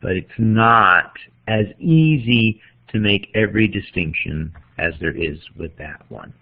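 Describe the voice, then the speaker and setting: Male teacher, unhurried classroom lecture, gravelly fry, tinny narrow audio. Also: on the low side. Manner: slow, deliberate, counting out examples.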